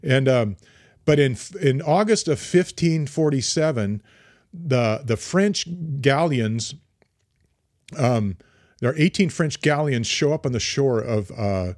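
A man's voice: medium pitch, expressive, takes it slowly, a little mellow, no echo, studio quality. A man co-hosting a podcast, casually retelling history with lots of fillers and restarts. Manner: rambling, many fillers and restarts. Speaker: podcast co-host.

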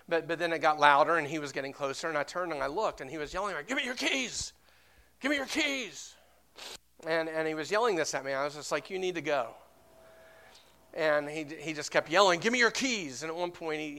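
A man preaching a sermon, his voice bright and pitched a little high. He swings between quiet storytelling and loud, emphatic peaks, and keeps asking the congregation for amens. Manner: storytelling with repeated restarts. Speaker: pastor.

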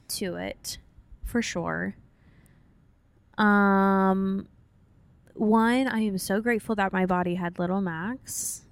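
A woman's voice: medium pitch, steady tone, slow, pauses often, clear, resonant tone, no echo. A woman co-hosting a casual podcast, talking in a candid, chatty, easygoing way. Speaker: podcast co-host. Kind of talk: casual chat.

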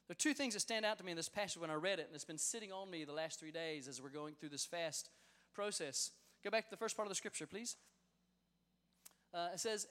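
A man in his thirties, a youth pastor, preaching a sermon and telling family stories with lively excitement. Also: high-pitched, brisk, clear, resonant tone. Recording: long reverb of a large hall.

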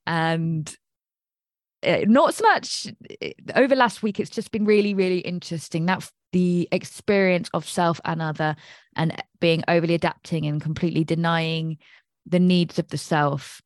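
Chatty English woman, lower voice. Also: no echo, studio quality. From England. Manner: chatty, digressive, laughs at herself. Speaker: astrology podcast host. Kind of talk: casual rambling monologue.

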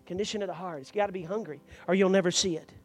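A man preaching a sermon to a congregation in church, moving from quiet explanation to loud, fervent preaching and calling out members by name. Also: high-pitched, fairly even intonation, very fast, no echo, faint music behind.

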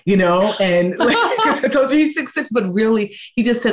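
A woman in her thirties talking casually as a guest, lively and expressive, slipping into other people's voices as she tells stories. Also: moderate pace, few pauses. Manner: animated storyteller, acting out quoted voices with big pitch jumps. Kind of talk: casual conversation.

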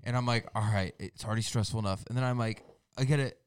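A podcast co-host rambles through stories with excitable energy and plenty of swearing. His voice is low and smooth. The sound is dry and close to the mic. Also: fast, no room sound. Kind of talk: casual banter.

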